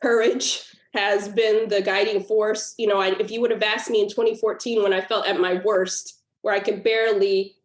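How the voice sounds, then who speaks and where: A woman's voice: medium pitch, flat delivery, moderate pace, few pauses. Earnest woman storyteller in a roomy echo. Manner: earnest and emotional, with laughs breaking into the telling. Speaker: guest author. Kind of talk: personal storytelling in a podcast interview.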